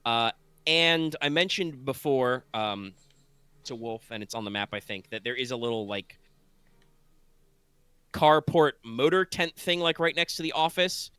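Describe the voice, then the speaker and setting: A drowsy male game master describes scenes over an online call, wandering through fillers and restarts. His voice is bright and crisp. The sound is dry and close. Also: mid-range voice, animated, a little slow, dry recording. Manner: rambling, full of fillers and restarts. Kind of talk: narrating a tabletop game.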